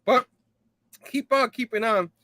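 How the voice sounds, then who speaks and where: A man with a very high, pushed, bright voice, recorded dry, hosts a relaxed comic book review at an unhurried pace. Feeling hot and sipping a drink, he loosely recaps the story, paraphrasing and playfully acting out characters' lines. He laughs a lot and keeps slipping in "you know what I mean."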